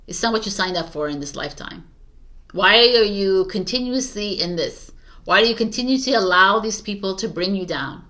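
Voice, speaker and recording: A woman's voice: medium pitch, lively intonation, moderate pace, bright, forceful tone. A woman giving a casual spoken tarot reading, chatty and encouraging, with frequent fillers and restarts. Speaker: tarot reader.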